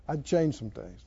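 A man preaching a sermon in a playful, chuckling way that builds to shouted calls to the congregation. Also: a little high, muffled recording, background noise.

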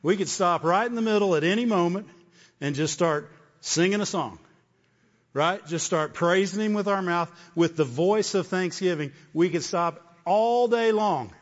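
High-pitched guy preaching a sermon, keeps saying amen?, dull sound with a long hall echo. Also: normal speed. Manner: exhorting, repeating phrases, frequent "Amen?".

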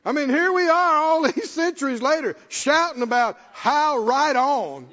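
A man with a very high voice preaches in a lively, swooping delivery. He repeats himself for emphasis in a plain, folksy way. The sound is dull and lo-fi, with a long hall echo. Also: unhurried. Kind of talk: sermon.

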